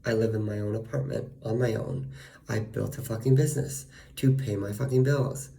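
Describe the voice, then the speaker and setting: A man's voice: lowish voice, fairly even intonation, normal speed, gravelly, warm tone. A man venting in a casual monologue, profane and ranting, full of fillers. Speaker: vlogger.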